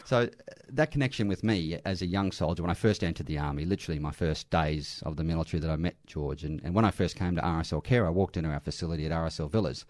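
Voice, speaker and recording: A man's voice: low voice, normal speed, a little mellow, no room sound, studio quality. A middle-aged Australian man, an army veteran working in aged care, telling earnest stories in an interview with restarts. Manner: earnest, anecdotal, with frequent restarts and light laughs. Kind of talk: conversational interview storytelling.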